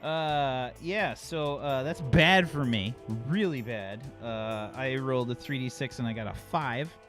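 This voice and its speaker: A man's voice: medium pitch, unhurried, a bit bright, faint music behind. A man as game master of a tabletop role-play, talking in an easygoing, laughing way with many fillers.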